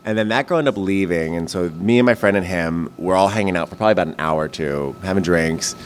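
A man's voice: sits low, fast talker, slight background noise. A man, a guest comedian, chatting on a podcast and telling rambling stories with many restarts. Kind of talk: casual podcast chat.

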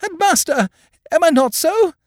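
A man voicing an aging nursemaid, high falsetto, vain, pleading, lively pitch, dry close sound. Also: normal speed, no room sound. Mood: frantic. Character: aging woman, pining nursemaid, wheedling and vain.

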